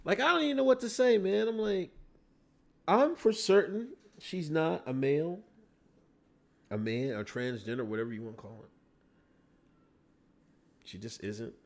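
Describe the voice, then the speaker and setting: An animated man hosting a casual livestream, arguing with viewers in the chat. His voice sits high and swings widely in pitch as he goes from mumbled asides to loud outbursts. He swears freely. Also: moderate pace, gravelly, long pauses. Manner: profane, animated, talks back to chat. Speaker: livestream host.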